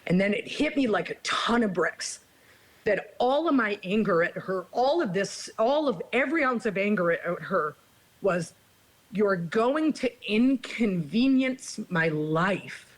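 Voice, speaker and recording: A woman's voice: mid-range voice, animated, moderate pace, rough recording. This is a woman speaking as a guest on a recovery podcast. She tells a personal story with candor and emotion. She keeps reaching out to her listeners with "right?" and "you guys".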